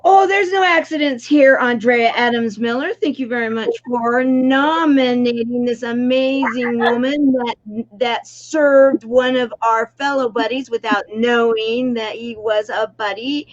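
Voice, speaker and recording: A woman's voice: a little high, fairly even intonation, measured pace, highs cut off. Effusive woman hosting a talk show. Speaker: host. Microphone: video call.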